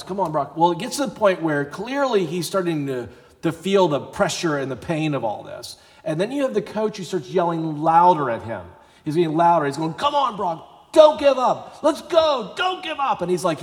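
Male pastor, animated sermon storyteller, slightly high voice, reverberant church hall. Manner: animated storytelling, rising to shouts.

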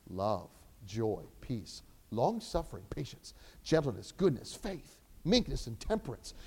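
A young man preaching a sermon, animated, swinging between loud emphasis and quiet asides. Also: mid-range voice. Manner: acts out voices of characters in the sermon.

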